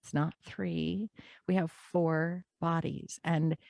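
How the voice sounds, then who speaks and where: Woman interview guest, low warm voice, earnest and encouraging, dry close mic. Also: flat delivery, creaky, no echo. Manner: earnest, encouraging, drawn-out emphasis. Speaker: podcast guest. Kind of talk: conversational interview.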